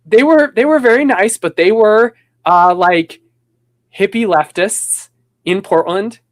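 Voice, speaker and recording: High-voiced man, animated storyteller. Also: unhurried. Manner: rambling with restarts. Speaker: podcast host. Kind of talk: casual conversation.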